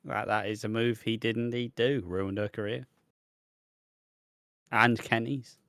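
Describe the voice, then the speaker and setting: A man talks wrestling with a podcast co-host in loose, profane, laughing chat. His voice is bright and forceful, recorded dry and close with no room sound. He rambles from point to point. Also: medium pitch, steady tone, unhurried, no echo. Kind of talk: casual wrestling review chat.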